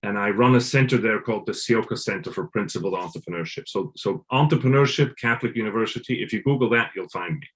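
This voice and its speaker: A man from Switzerland, a guest in a casual interview, talking in halting bursts with many restarts. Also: fairly low pitch, a bit bright.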